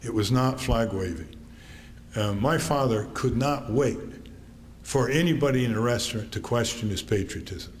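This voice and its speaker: A man in his eighties from Connecticut, giving a talk to an audience and telling wry family anecdotes with frequent pauses. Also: mid-range voice. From Connecticut, USA. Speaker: author giving a public talk. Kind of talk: storytelling speech to an audience. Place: theater stage. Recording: long theater reverb, faint noise.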